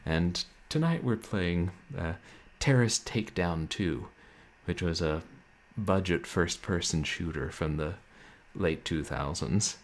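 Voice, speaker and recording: A man streaming a game and chatting with viewers in a laid-back, wry way, with a soft, somnolent voice and frequent chuckles. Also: sits low, takes it slowly. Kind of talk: casual chat with stream viewers. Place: home room, roommates nearby.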